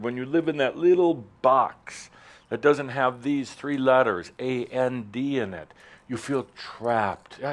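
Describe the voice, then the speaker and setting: A man giving a spiritual talk to a live audience in a hall, playful and provocative, with big sudden leaps in pitch and loudness. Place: warm hall with doors, in front of an audience.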